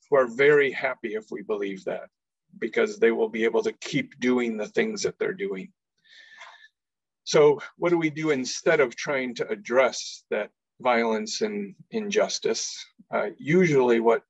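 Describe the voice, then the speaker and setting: A man speaking in an earnest lecture style, his voice gravelly and a little husky. He often repeats words as he starts a phrase. The recording is dry and somewhat dull. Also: mid-range voice, no room sound. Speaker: executive director giving a talk. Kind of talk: faith-based lecture.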